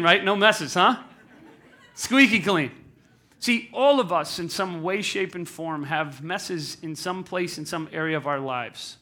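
A man's voice: sits high, pushed and bright. A man in his thirties giving a candid, self-deprecating talk to a live audience, often asking the crowd questions. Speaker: speaker at a live event.

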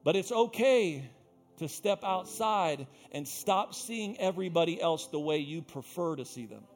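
A man preaching with a high, bright voice, climbing to loud emphatic peaks and then dropping to quiet, teasing asides. He jokes at his own expense between points. Faint music sits under his voice. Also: lively intonation, unhurried. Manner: playful, self-teasing asides. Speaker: pastor. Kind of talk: sermon.

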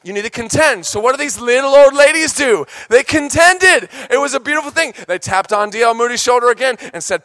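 A male pastor preaching a sermon, swinging from shouted passion to hushed storytelling. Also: very high-pitched, animated, brisk, few pauses, dry recording, studio quality. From United States.

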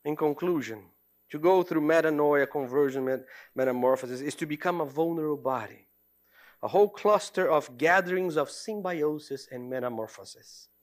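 A middle-aged man, a theology professor, giving a reflective lecture with personal stories, in an earnest, halting way full of restarts. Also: a little high.

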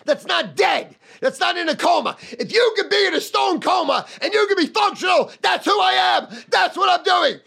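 A man telling a wild personal story in a brash, profane, loud and boastful way. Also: extremely high pitch, creaky. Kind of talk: storytelling monologue.

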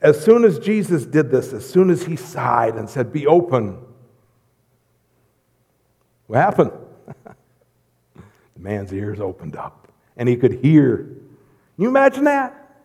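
A middle-aged man preaching a lively, joking sermon in church, swinging between loud bursts and hushed asides. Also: mid-range voice, slow pace, vocal fry, pauses often, breathy edge. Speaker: pastor. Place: church sanctuary. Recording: long hall reverb.

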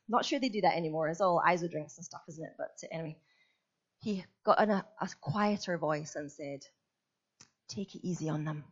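A woman's voice: mid-range voice, lo-fi sound. A woman preaching a sermon in a chatty, self-deprecating storytelling manner.

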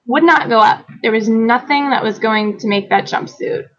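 A woman author chatting casually on a podcast, telling a personal story with lively acted-out quotes and frequent laughter. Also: fairly high pitch, normal speed, lo-fi sound. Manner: animated storyteller, acts out quotes, laughs often. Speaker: guest author.

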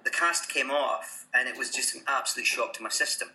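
A Scottish man talking as a guest on a podcast, easygoing and self-deprecating as he tells his story. His voice is very bright and sharp-edged, with an ordinary middle pitch. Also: a little fast, low-quality recording. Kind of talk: casual interview chat.

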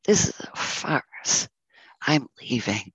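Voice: mid-range voice, sing-song, takes it slowly, fairly bright tone, breathy edge, no echo, heavily acted, low-quality recording. A storyteller voicing a dismissive rich merchant in a parable, with short, clipped lines. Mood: scornful.

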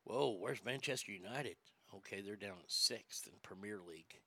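A man's voice: lowish voice, moderate pace, sharp tone, no room sound. A man hosting a comedic talk show, laughing often and stammering as he jokes crudely. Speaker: radio show host.

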